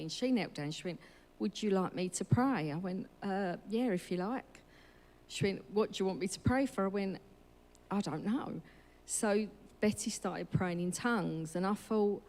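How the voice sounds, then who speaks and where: Her voice fairly low, gravelly and a little mellow, a woman recounts her church testimony in a casual, story-like way, acting out what was said. Long hall reverb surrounds the recording.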